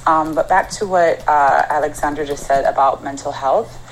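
A woman's voice: low voice, fairly even intonation, moderate pace, slight background noise, low-quality recording. A woman speaking on a live audio panel, eager and chatty as she adds to the conversation. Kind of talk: casual live audio-room talk.

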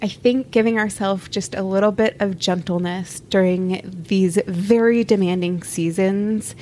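Spokojna kobieta, podcastowa rozmowa. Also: female voice, medium pitch, unhurried, a little hiss or hum. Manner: calm, reflective, candid. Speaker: podcast co-host. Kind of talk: casual podcast chat.

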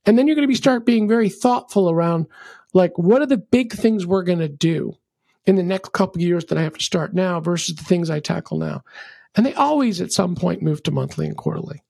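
A middle-aged man, a podcast guest, giving animated conversational advice with lots of ums and a rambling, energetic way of storytelling. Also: high-pitched, a little fast, vocal fry, no room sound, clean studio sound. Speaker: podcast guest, venture capitalist.

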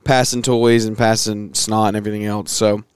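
A man in his thirties hosting a podcast, talking casually with a hoarse voice and plenty of fillers and restarts. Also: fairly low pitch, flat delivery, normal speed, no echo, studio quality. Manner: chatty, rambling with fillers and restarts. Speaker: podcast host.

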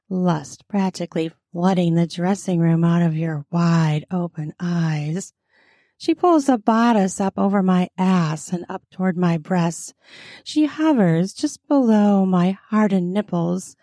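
A woman reading an erotic story aloud in an intimate, unhurried storytelling manner. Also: fairly low pitch, warm tone, no room sound, studio quality. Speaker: narrator.

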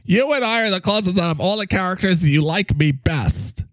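A man's voice: sits high, animated, brisk, fairly bright tone, no echo, clean studio sound, pitched above the performer's own voice. A man voicing Mike, a needy, jealous talking microphone with a whiny, clingy, sarcastic manner.

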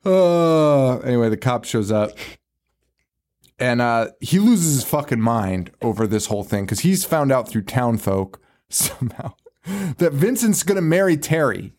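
Unhurried but very animated, this co-host has a medium-pitched, darkish voice as he chats through a horror movie recap. He's profane and laughs often, acting out scenes in mock voices.

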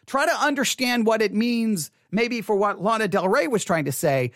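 A music commentator talking casually on a video, animated and chatty, acting out their own reactions with lots of filler words. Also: medium pitch, moderate pace, no room sound, clean studio sound.

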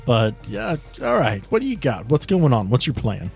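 A man's voice: mid-range voice, wildly swooping pitch, moderate pace, vocal fry, a little mellow, breathy edge, faint music behind. A man playing a tabletop game, speaking in character with wry jokes. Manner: wry, joking. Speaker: player. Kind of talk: in-character tabletop role-play.

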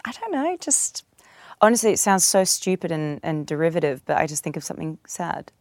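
A woman's voice: low voice, sing-song, a little fast, a little hiss or hum. A woman with an Australian accent, from Australia, chatting casually as an interview guest, laughing easily.

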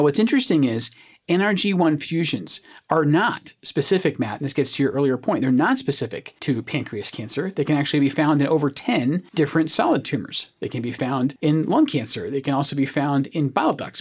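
Lively, husky-voiced oncologist explaining. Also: medium pitch, a little fast. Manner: animated, explains with everyday analogies. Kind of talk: explaining on a medical podcast.

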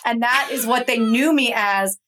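A young adult woman from Georgia, a guest author telling her story in an animated, conversational interview. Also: on the high side, moderate pace. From Atlanta, Georgia. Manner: animated, acts out quoted voices in her stories.

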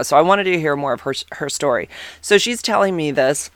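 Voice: mid-range voice, lively intonation, brisk, fairly bright tone, no echo. A substitute teacher telling a personal story in a casual, rambling way, full of restarts and fillers.

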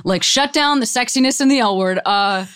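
A woman hosting a casual chat, animated and joking, laughing often. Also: a little high, normal speed, smooth. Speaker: podcast host.

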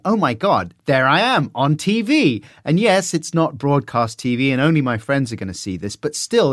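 Animated middle-aged Englishman telling stories. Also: dry recording, studio quality. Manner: animated, self-deprecating, lively swings in pitch. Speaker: interview guest. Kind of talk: relaxed anecdotal storytelling.

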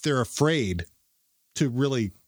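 Halting man from Texas, lively pitch. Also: no room sound, studio quality. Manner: halting, restarts often. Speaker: producer. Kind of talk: casual chat.

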